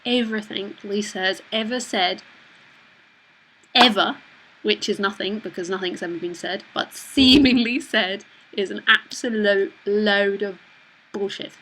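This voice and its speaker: A woman teaching in an online talk, reading comments aloud. She jokes, swears bluntly and laughs a lot. Her voice sits at an ordinary middle pitch and comes out bright and forceful. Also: steady tone, unhurried, rough recording. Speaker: spiritual teacher.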